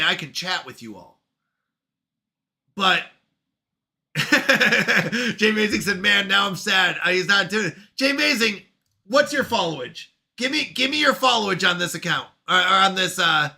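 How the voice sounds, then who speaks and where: A man streaming live, chatting casually with his community and answering chat, self-deprecating and quick to laugh at himself. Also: high-pitched, bright, forceful tone. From Canada.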